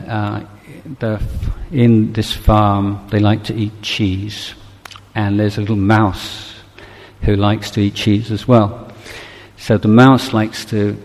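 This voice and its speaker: A man giving a Buddhist dharma talk, telling a story in a gentle, halting, reflective way. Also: fairly low pitch. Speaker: Buddhist teacher. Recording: long hall reverb.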